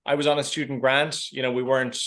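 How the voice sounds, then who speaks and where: A man's voice: mid-range voice, little pitch movement, fast, fairly bright tone. An Irish man in his thirties, a guest in a casual podcast interview, who often stops and repeats words while he thinks.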